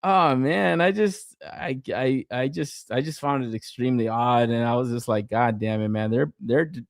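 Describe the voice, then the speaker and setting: A man's voice: mid-range voice, moderate pace, gravelly, dry recording, studio quality. A young man hosting a podcast, ranting in a casual, profane way and laughing often. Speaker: podcast host.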